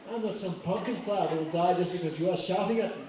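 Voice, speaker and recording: Animated male preacher in an echoey hall. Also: high-pitched, quick pace, a crowd in the background. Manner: animated, laughs at own jokes. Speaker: preacher telling scripture stories. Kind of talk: devotional storytelling sermon. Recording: echoey hall, mic far off, faint noise.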